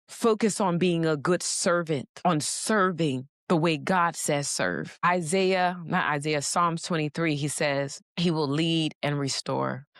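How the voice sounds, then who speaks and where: A woman's voice: low voice, dry recording, clean studio sound. A woman giving a motivational sermon, mixing scripture readings with casual, slangy asides. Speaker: faith speaker.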